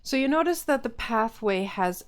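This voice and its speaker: A woman's voice: a little high, lively intonation, normal speed. A woman narrating as game master of a tabletop game, casual with many fillers.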